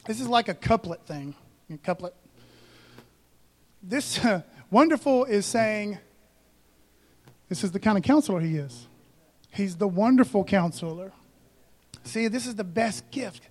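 A man's voice: high-pitched, lively intonation, measured pace, pauses often. A man preaching a sermon as pastor, conversational and joking, calling out to the congregation.

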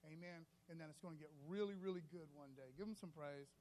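High-voiced casual male preacher. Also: fast talker, slight background noise. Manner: casual storytelling, says "man" often, animated shifts in loudness. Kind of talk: sermon.

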